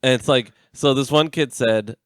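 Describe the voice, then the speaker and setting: A man's voice: mid-range voice, moderate pace, no echo, studio quality. A man co-hosting a casual podcast, telling an online argument story with laughs and swearing. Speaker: podcast co-host. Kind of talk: casual chat.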